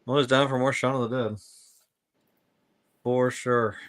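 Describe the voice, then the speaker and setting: A man co-hosting a casual chat, excitable, laughing often and swearing freely. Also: medium pitch, measured pace. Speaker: podcast co-host.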